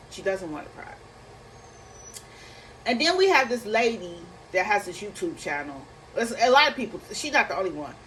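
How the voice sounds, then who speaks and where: A woman giving casual reaction commentary, animated, acting out quotes and repeating herself. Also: fairly high pitch, a little hiss or hum, low-quality recording. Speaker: commentary vlogger.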